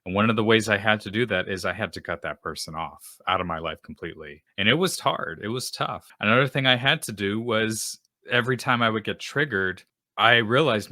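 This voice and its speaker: A man's voice: lowish voice, brisk, sharp tone, dry recording, studio quality. A man hosting a Christian podcast, talking earnestly and casually about forgiveness, often restarting his sentences. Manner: earnest and conversational, with frequent restarts. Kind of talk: casual faith talk.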